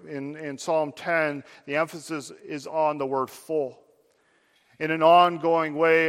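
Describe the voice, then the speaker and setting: Earnest male preacher in a reverberant hall. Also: a little high. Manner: earnest, direct address to listeners, building emphasis. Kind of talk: sermon.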